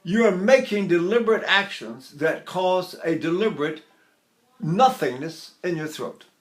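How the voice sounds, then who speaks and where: A man's voice: high voice, lively intonation, unhurried, reverberant. An older man teaching a singing lesson, explaining technique and breaking into short sung exercises. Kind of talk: singing lesson with vocal demonstrations.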